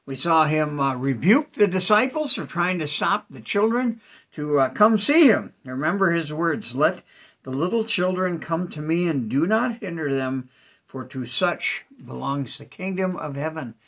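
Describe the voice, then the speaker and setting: A male pastor reading a Bible chapter aloud with short spoken comments, unhurried, with small hesitations between thoughts and rising emphasis on the quoted lines. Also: a little high, animated, a bit bright. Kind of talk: scripture reading with brief commentary.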